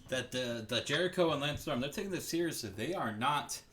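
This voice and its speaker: A male co-host with a bright, sharp tone and a voice that swings widely in pitch. He reacts fast and swears casually while chatting about the game. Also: lively intonation. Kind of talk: casual gameplay commentary.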